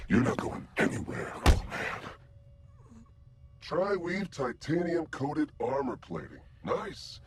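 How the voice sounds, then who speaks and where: An actor playing a cold, sneering armored male villain in a video game, making slow measured threats. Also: fairly high pitch, very animated, husky, full character voice. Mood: menacing.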